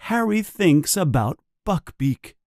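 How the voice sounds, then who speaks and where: A narrator reading a simplified storybook slowly and carefully, with lots of expression. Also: mid-range voice, sing-song, a little mellow, no room sound.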